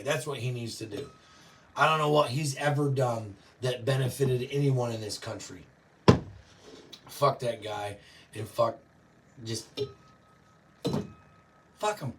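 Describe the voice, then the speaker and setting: A man hosting a show, ranting profanely and yelling often, reacting to live chat. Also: medium pitch, far from the mic. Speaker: show host. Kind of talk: political rant to live chat.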